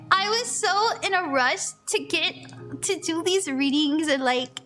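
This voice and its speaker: A woman's voice: very high-pitched, big pitch swings, takes it slowly, fairly bright tone, faint music behind. A tired woman streamer giving palm readings in casual chat, laughing often. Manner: giggly and sleepy, laughing often. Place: room with echo.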